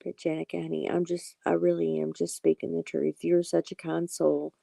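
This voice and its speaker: A woman's voice: low voice, flat delivery, moderate pace, creaky, dark tone, no room sound. A woman hosting a late-night tarot live stream, chatting casually and reassuring her viewers by name.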